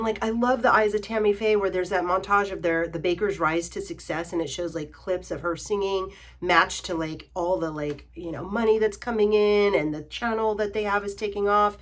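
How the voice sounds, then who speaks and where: A young adult woman reviewing films in a sarcastic, exasperated rant, full of "like" and "you know.". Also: mid-range voice. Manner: exasperated, sarcastic, filler-heavy ranting. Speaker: film reviewer. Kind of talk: ranting film review vlog.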